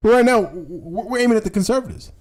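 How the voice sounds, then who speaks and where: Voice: mid-range voice, animated, fast. A political commentator doing livestream commentary on clips, talking heatedly in casual slang, repeating rhetorical questions and swearing.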